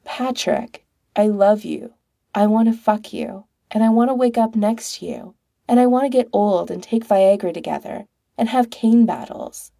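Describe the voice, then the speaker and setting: A woman's voice: medium pitch, normal speed, creaky, dark tone, no room sound, voice pushed up. A woman reading the part of an affectionate, persistent young man, earnest and coaxing.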